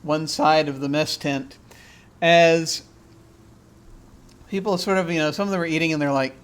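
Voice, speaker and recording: Man game master, higher voice, halting and rambly narration. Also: steady tone, clean tone. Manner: halting, rambling, with many fillers. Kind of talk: narrating a tabletop role-playing game.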